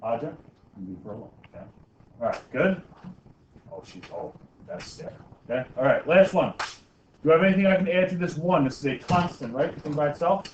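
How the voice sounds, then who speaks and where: A slightly high, a little mellow male voice moves briskly with lively intonation and long pauses, picked up by a distant mic with slight background noise, so the classroom audio sounds echoey and dull. He's teaching a math class, joking with students and tacking on "okay?" or "right?" after nearly every step.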